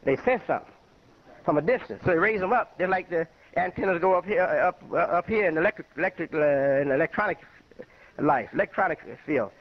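High-voiced older imam on muffled radio. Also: male voice, a little fast. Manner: rambling, conversational, with personal anecdotes. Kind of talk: informal spoken lecture.

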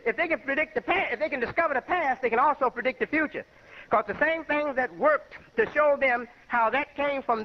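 An older man from Chicago, an imam, giving a rambling, conversational lecture full of personal anecdotes. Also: very high-pitched. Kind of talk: informal spoken lecture. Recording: muffled lo-fi radio recording.

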